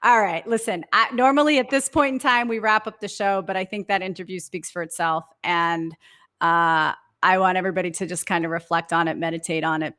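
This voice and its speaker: A woman's voice: lowish voice, fairly bright tone. A woman co-hosting a podcast, talking casually and making jokes. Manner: upbeat, joking. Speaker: podcast co-host.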